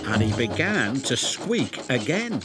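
A man narrating a children's story in a gentle, measured, expressive way. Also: mid-range voice. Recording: loud background music.

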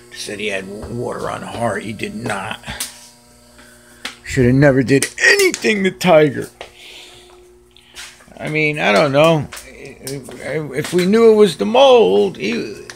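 Filming his pets on a phone indoors, this cat owner talks to them in a warm, cooing way, like a casual home video. He speaks on the low side with noticeable vocal fry.

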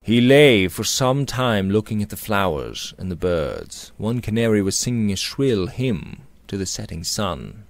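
A man narrating a Victorian novel aloud in a measured, expressive storytelling manner. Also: on the low side, no echo. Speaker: audiobook narrator.

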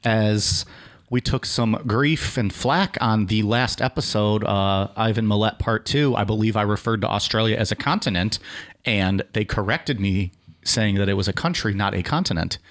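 A man's voice: fairly low pitch, normal speed, a bit bright. A man co-hosting a podcast, joking in casual banter and rambling with lots of fillers. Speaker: podcast co-host.

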